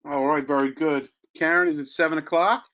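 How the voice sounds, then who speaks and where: A man's voice: fairly high pitch, steady tone, a little fast, fairly bright tone, muffled recording. A man chairing a town council meeting as mayor, speaking formally and politely with an American accent. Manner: formal, courteous.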